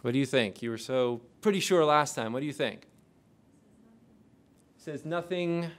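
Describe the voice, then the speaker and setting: A man lecturing a class, quizzing the audience with rapid questions. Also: medium pitch. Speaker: lecturer on intelligence oversight.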